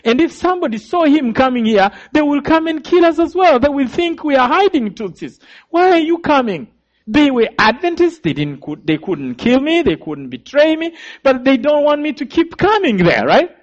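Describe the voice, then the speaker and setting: A man's voice: extremely high pitch, big pitch swings, normal speed, few pauses. A man with a Rwandan accent giving an earnest personal testimony, telling his story vividly and speaking directly to his listeners. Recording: slightly dull lo-fi recording.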